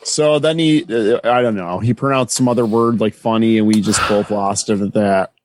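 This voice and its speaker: A man's voice: lowish voice, fairly even intonation, normal speed, a little mellow. A man co-hosting a comedy podcast, easily amused and giggly in casual chat. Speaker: podcast co-host.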